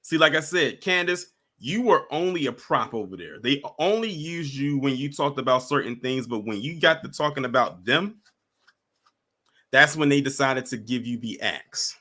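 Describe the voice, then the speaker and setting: A man's voice: mid-range voice, animated, normal speed, pushed and bright. A man hosting a casual reaction stream, talking straight to his viewers and chat. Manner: conversational, addresses viewers as y'all. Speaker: host reacting to clips.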